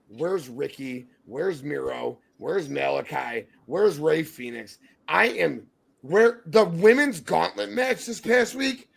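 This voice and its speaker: A young man co-hosting a podcast, ranting heatedly with profanity and yelling in exasperation. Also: sits high, creaky. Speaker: podcast co-host.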